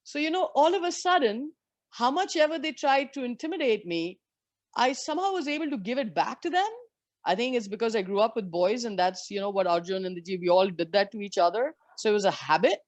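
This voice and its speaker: A woman's voice: a little high, brisk, no room sound. Candid woman telling stories, dry sound. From India. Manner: lively, candid anecdotes with frank swearing. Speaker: interview guest, former professional golfer. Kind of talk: storytelling in a conversation.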